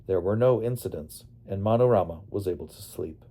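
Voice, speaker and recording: This memoir is narrated by a man whose low voice comes across mellow and soft around the edges. He keeps the delivery plain and storylike, never hurrying or shifting tone.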